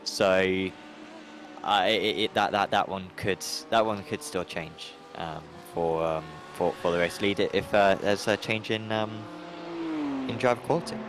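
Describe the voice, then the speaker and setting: Guy doing sim racing commentary, lowish voice, keeps stopping and restarting, noisy background. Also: measured pace. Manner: rambling, hesitant, lots of fillers and restarts. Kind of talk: live race commentary.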